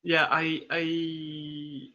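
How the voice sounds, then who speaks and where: A man in a tabletop game who talks slowly and hesitantly, hedging every thought. His voice is fairly high and bright. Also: monotone, highs cut off. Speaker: player. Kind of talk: casual out-of-character chat.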